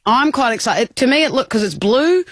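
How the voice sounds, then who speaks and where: A woman's voice: fairly high pitch, animated, normal speed, dry recording, studio quality. A woman co-hosting a drive-time radio show, chatting playfully. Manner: playful, enthusiastic. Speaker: radio co-host. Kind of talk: casual radio banter.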